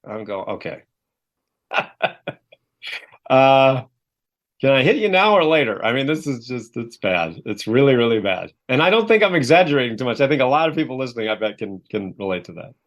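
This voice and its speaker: A man speaking as a guest on a podcast, a self-help author and coach who acts out the voices he quotes. His voice sits at a middle pitch and he tells his stories in a lively, animated way. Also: brisk.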